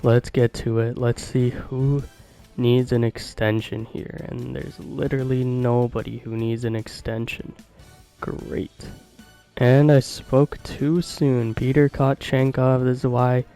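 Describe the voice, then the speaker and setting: A man hosting a video game channel, giving chatty, excitable commentary and talking to his viewers in slang. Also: medium pitch, a little slow, smooth, soft background music, low-quality recording. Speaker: gaming video host.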